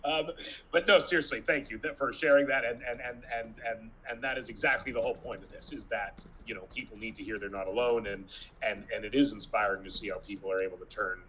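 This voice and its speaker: A man moderating a panel discussion, halting and repeating words, with lots of filler. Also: on the low side, sharp tone, low-quality recording.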